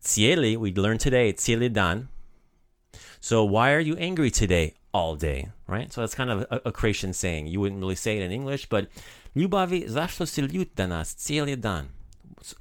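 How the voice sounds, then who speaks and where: A man's voice: fairly low pitch, expressive, fairly quick, dry recording, studio quality. A man hosting a language-learning podcast, explaining phrases in a casual, upbeat way and laughing often.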